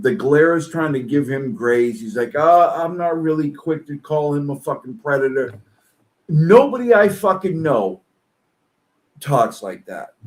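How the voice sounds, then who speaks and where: A man reading posts aloud and commenting on them in a profane, exasperated rant. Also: mid-range voice.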